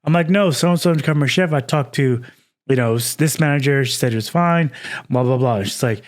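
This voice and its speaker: A man's voice: medium pitch, fairly quick. A young man co-hosting a casual podcast, telling a story with lots of laughter. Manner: animated storytelling, laughs often. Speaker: podcast co-host.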